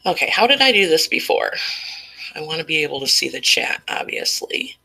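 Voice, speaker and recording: A woman's voice: deep voice, sing-song, fairly quick, vocal fry, bright, forceful tone, husky, low-quality recording. A woman hosting a casual live stream on a cheap microphone, chatting loosely and greeting her viewers one by one, with a slight tickle in her throat. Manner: chatty, greets viewers by name while talking.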